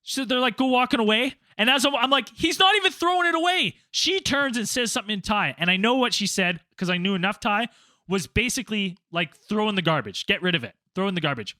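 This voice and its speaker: Animated profane man telling a story. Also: high voice, fast talker, no room sound. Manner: animated, profane, acts out quotes loudly. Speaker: podcast co-host. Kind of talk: casual storytelling chat.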